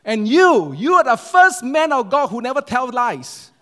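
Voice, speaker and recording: A man voicing a grumpy, taciturn husband who speaks out loud and blunt, in a sermon story. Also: extremely high pitch, very animated, a little slow, long reverb tail, pitched above the performer's own voice, full character voice. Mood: emphatic.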